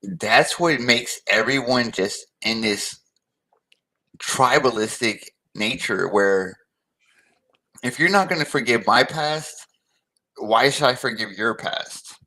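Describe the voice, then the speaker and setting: A man co-hosting a casual talk stream who speaks slowly with a bright tone. He answers briefly and talks in a measured way. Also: medium pitch, low-quality recording. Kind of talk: casual chat.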